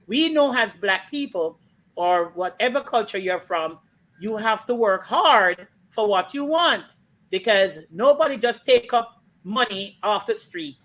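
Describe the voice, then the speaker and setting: A woman with a Jamaican accent, chatting and telling folk stories with lively acted-out voices. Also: medium pitch, measured pace, low-quality recording. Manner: animated storytelling, acts out voices. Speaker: storyteller guest. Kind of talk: casual chat.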